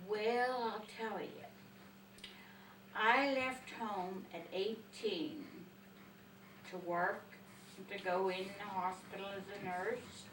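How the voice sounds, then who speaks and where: An older woman telling family memories slowly and reflectively in an oral history interview. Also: medium pitch, steady tone, a bit bright, slight background noise. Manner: slow, reflective storytelling. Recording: echoey room, distant mic.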